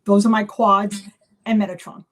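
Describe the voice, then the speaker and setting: A woman's voice: medium pitch, moderate pace. A woman talks in a loose, chatty way on a live stream. She tells stories with animation, stopping and restarting her sentences and slipping in plenty of fillers. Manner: animated storyteller acting out dialogue. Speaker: psychic medium. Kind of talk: casual live video chat.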